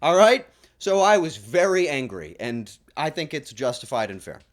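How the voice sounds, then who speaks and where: A man ranting on his stream, exasperated and breaking into loud laughing yells. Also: a little high, sing-song, moderate pace. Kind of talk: casual stream chat.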